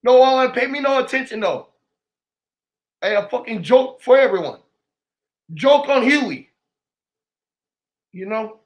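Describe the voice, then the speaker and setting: A man with a high voice rambles through an emotional vlog monologue. He swears freely and swings between loud, shouted bursts and low, muttered asides. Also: lively intonation, measured pace, long pauses. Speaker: vlogger.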